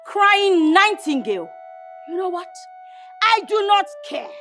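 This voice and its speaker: Screaming scornful Nigerian princess. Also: female voice, very high voice, roomy sound, heavily acted. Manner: shouting insults, scornful. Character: arrogant spoiled young royal princess.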